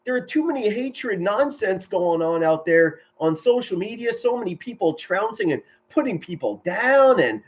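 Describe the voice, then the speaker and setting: Excitable high-voiced man calling football. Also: moderate pace, hardly any pauses. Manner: enthusiastic, yells touchdown calls, chatty and sentimental with viewers. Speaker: amateur play-by-play commentator streaming live. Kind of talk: excited live football commentary and chat with viewers.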